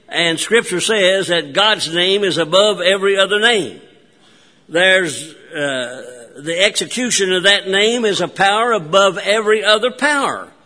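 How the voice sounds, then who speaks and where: A man preaching a sermon in a church, emphatic, with long pauses and restarts. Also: high voice, pushed and bright. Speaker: pastor. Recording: long church hall reverb.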